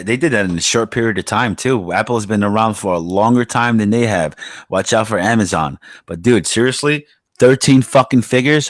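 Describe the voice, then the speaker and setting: A man's voice: on the low side, no room sound. Profane New man ranting. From New York. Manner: profane, blunt, heated ranting. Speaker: podcast host. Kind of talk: casual podcast rant.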